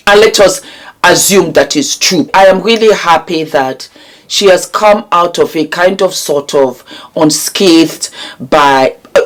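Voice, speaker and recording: A woman vlogger reading celebrity news aloud and breaking off for emphatic, sassy asides to her viewers. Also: lowish voice.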